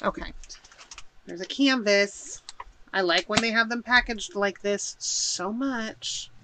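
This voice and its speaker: A woman's voice: mid-range voice, takes it slowly, background noise. A woman chatting casually while unboxing a shopping haul at home, gushing and thinking aloud as she unpacks. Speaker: haul vlogger.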